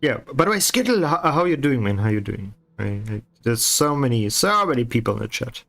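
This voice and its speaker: A man's voice: medium pitch, big pitch swings, a little fast, gravelly, a bit bright. A man chatting casually with his stream viewers while painting, teasing and swearing with a sarcastic edge, chewing ice as he talks. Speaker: livestreaming artist.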